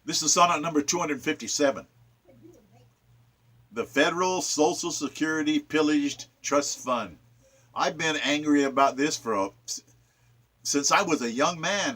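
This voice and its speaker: Fiery, sharp-voiced ranting man. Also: on the high side, normal speed, slightly rough. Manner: ranting, preachy, emphatic. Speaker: poet reciting and explaining his sonnets. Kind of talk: impassioned political commentary.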